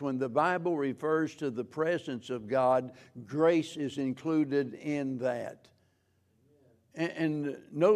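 A man preaching a sermon as pastor, slow and measured, with frequent restarts. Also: fairly high pitch, darkish tone.

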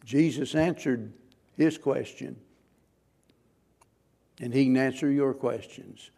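A man's voice: medium pitch, vocal fry, warm tone. A man preaching a sermon as pastor, earnest and questioning, pressing his listeners with rising, emphatic points.

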